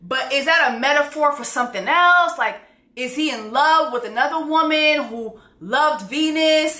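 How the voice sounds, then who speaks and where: Bright, echoey, candid woman recapping a show. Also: mid-range voice. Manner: candid, profane, animated storytelling. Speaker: TV recap vlogger. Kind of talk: casual episode recap.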